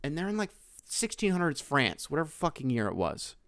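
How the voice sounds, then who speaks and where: A man hosting a podcast, ranting casually and profanely about movies, with loud outbursts. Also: on the high side, huge pitch swings, fairly quick, dry recording, clean studio sound. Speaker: podcast host. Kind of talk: casual solo rant.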